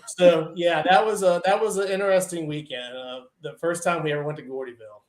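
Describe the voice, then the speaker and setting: A man telling a casual, animated story on a live show, laughing often and acting out his friends' lines. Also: on the high side, moderate pace, reverberant. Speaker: truck and tractor pulling guest.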